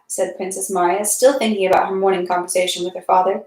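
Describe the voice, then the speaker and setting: A woman reading a classic novel aloud in a steady, clear storytelling manner, in an echoey room. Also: mid-range voice, fast, hardly any pauses. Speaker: reader.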